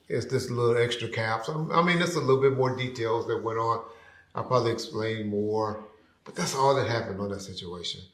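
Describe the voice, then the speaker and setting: A man tells a story in casual talk, his voice sitting at a middle pitch. He animates the people he quotes with sudden loud, high jumps. The room around him rings with a noticeable echo. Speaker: podcast guest telling a story. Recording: roomy echo.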